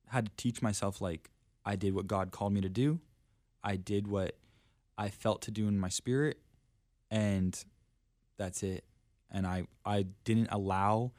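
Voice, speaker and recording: Low-voiced young man, earnest storyteller. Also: a little mellow, no echo, studio quality. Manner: earnest storytelling, heavy use of "like" and "literally". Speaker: guest, traveling preacher. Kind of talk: casual faith podcast conversation.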